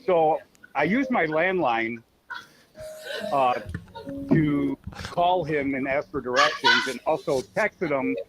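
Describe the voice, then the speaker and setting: A man's voice: on the high side, lively intonation, slow, pauses often, over music, rough recording. A man co-hosting a casual remote podcast, telling long rambling stories full of fillers. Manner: rambling storyteller, many fillers and restarts. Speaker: podcast co-host. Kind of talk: casual podcast chat over remote call.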